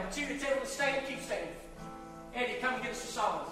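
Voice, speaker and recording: A man preaching an altar call to his church, fervent and pleading, rising to shouts and dropping low. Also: animated, fast talker. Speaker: pastor. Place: church sanctuary during service. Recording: echoey church from far off with live guitar. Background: guitar playing.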